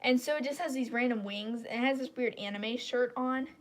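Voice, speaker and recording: A woman's voice: on the high side, fairly quick. Blunt congested woman ranting on stream. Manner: blunt, opinionated, rambling. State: congested, stuffy throat. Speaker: live stream host. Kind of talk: casual live-stream rant.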